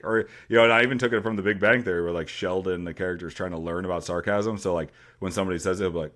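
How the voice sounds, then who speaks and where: A man with a deep voice, a teacher co-hosting a casual podcast chat and telling stories with dry sarcasm. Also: steady tone, very fast, hardly any pauses, a bit bright. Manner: dry sarcastic humor, storytelling with acted quotes.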